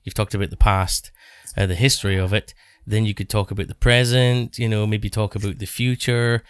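A man's voice: on the low side, steady tone, a little fast, clear, resonant tone, no echo, studio quality. A man with a Scottish accent co-hosting a podcast, talking in a chatty, joking way with frequent restarts. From Scotland. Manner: chatty, restarts often, jokey asides. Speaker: podcast co-host. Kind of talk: casual podcast chat.

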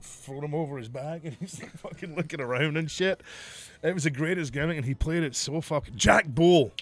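Swearing, laughing man telling stories. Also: mid-range voice. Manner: profane, laughs often, storytelling. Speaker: podcast host, former wrestler. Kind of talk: casual chat.

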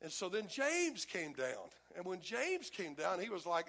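Gravelly high-voiced preacher. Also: male voice, sing-song, normal speed, few pauses, a bit bright. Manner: folksy, acts out voices of the people in the story. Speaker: pastor. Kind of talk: animated sermon storytelling.

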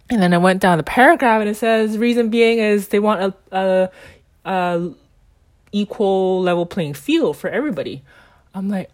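A middle-aged woman telling a personal business story in a casual, animated way, with frequent ums, restarts and laughter. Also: mid-range voice, normal speed, dry recording, studio quality. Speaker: online seller in a direct sales company.

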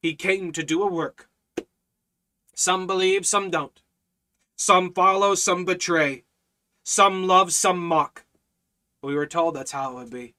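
A man teaching a Bible study in a fervent preaching style, repeating phrases in a steady cadence. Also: high-pitched.

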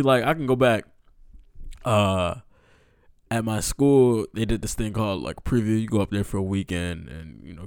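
A man's voice: lowish voice, clean tone, dry recording, clean studio sound. A man in his twenties telling a personal story in a casual, rambling way, full of slang and fillers, earnest and emotional. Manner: earnest, emotional recounting with restarts.

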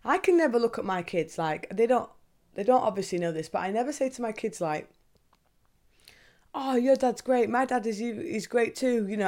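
Young woman, podcast host, candid confessional chat, swears freely. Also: mid-range voice. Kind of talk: casual confessional monologue.

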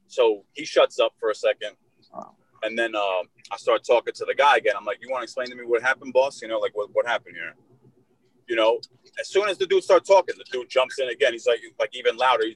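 A man's voice: mid-range voice, animated, brisk, dry recording, rough recording. Young man, podcast co-host, casual profane storytelling, heavy fillers, dry close sound. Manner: acts out shouted quotes in a raised voice.

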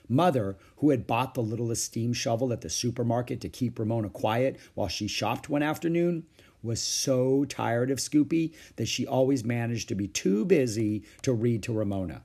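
A man reading a children's book aloud with expressive storytelling. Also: mid-range voice, normal speed, breathy edge. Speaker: storybook reader.

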